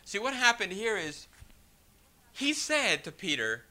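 Preaching a sermon at a high pitch and a little slowly, a man speaks in an animated, rhetorical style and often asks the congregation "right?" He reads scripture in King James wording.

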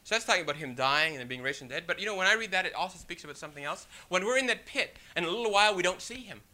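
A man with a high, very bright voice delivers a lively, rapid-fire sermon, preaching in an animated, rhetorical way. He keeps checking in with his listeners and reads scripture in old-fashioned wording.

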